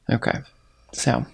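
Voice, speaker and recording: A man from the American Midwest, a podcast guest, joking playfully in casual chat. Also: bright, forceful tone.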